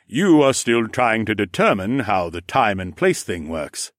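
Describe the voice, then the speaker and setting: A man's voice: lowish voice, sing-song, measured pace, a bit bright, no echo. Jovial old horned ram lord guy, knowing and teasing, dry close sound, man reading him. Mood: amused. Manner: knowing, good-humoured, slightly formal.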